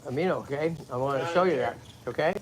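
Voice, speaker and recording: With a crowd audible behind him, a fast-talking man with a mid-range voice hosts a tortoise rescue livestream outdoors by a tortoise pond. Hailing from Lowell, Massachusetts and carrying that accent, he's energetic and chatty, constantly asking "okay?" and "right?"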